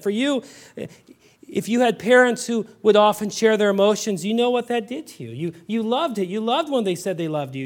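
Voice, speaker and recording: A male pastor delivering a sermon, telling family stories and building to loud, fervent emphasis, with frequent restarts. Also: high-pitched. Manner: acts out his daughter's voice in stories.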